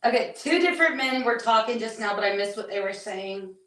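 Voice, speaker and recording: A woman's voice: fairly high pitch, animated, fairly bright tone, far from the mic. Hesitant woman medium in an echoey room. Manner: halting, hesitant, restarts and relays what she hears. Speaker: psychic medium on a paranormal investigation. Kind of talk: live on-site spirit readings.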